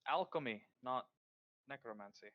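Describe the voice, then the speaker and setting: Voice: mid-range voice, lively intonation, normal speed, dull audio. A player in a tabletop game who comments in a dry, matter-of-fact way. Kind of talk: casual tabletop role-play.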